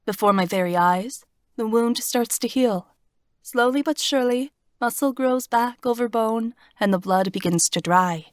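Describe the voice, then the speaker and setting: A woman reading a first-person fantasy audiobook in a steady, expressive storytelling voice, recorded on a close studio mic. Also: a little high, a little slow, dry recording. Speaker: audiobook narrator.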